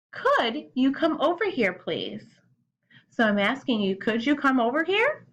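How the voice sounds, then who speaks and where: Teacher lady going slow over letter sounds for little kids, upbeat and encouraging. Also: medium pitch, muffled recording. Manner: encouraging, cheerful. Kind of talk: early reading lesson for young children.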